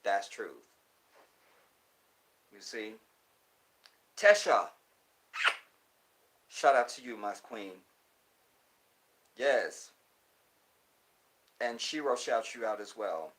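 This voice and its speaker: Texan man, phone livestream host, bright and forceful tone, animated and outspoken. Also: on the low side, extremely slow, long pauses, a little hiss or hum. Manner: animated, swings into heated profane rants. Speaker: livestream host reading viewer comments. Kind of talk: casual livestream chat.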